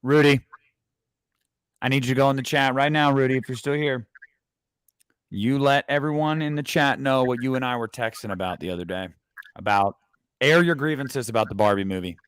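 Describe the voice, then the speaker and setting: A man's voice: medium pitch, fairly quick, pauses often, fairly bright tone, smooth, no echo. A man hosting a livestream in casual chat, rambling with many fillers and restarts. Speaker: livestream host.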